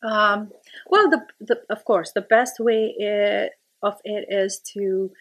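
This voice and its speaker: A woman, a career workshop leader talking as an interview guest, explaining things with examples and animated little stories. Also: medium pitch, slow. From India. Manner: storytelling, animated, with frequent restarts. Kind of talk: casual conversational interview.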